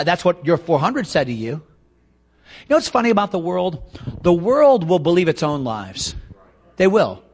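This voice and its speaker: A man preaching a sermon, emphatic and repetitive, swinging between soft and loud stretches. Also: on the high side.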